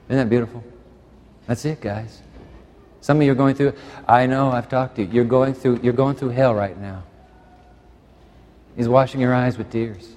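A man's voice: mid-range voice, fairly even intonation, normal speed, long pauses. Impassioned male preacher in a reverberant sanctuary. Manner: impassioned, swings between hushed and fervent. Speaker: pastor. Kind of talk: sermon.

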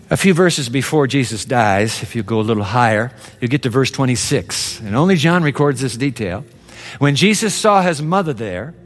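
A man preaching a sermon with dramatic swings from low murmurs to high exclamations. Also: long reverb tail.

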